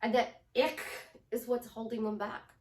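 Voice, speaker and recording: A woman coaching her listeners in an emphatic, repetitive way, her voice sitting a bit high. She sounds set back from the mic, with plenty of room echo around her. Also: level tone, measured pace, darkish tone, distant mic. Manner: emphatic, repetitive, drops to a whisper for demonstrations. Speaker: relationship life coach. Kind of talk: motivational coaching talk.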